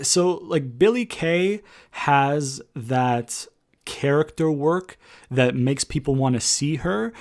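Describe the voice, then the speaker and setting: A man's voice: fairly high pitch, a little mellow. Man rambling through a wrestling recap. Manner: rambling, many fillers and restarts. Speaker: wrestling show reviewer. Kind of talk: casual recap commentary.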